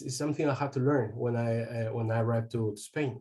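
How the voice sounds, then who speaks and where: A man's voice: medium pitch, a little mellow. Man presenting an online webinar. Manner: halting, many fillers and restarts. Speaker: webinar trainer.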